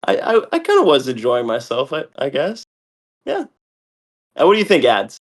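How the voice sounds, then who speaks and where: A young man hosting a live game stream, calling out the action excitedly and often tripping over his words with quick restarts. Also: on the high side. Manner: excitable, shouts and laughs often. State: a bit out of breath. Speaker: host.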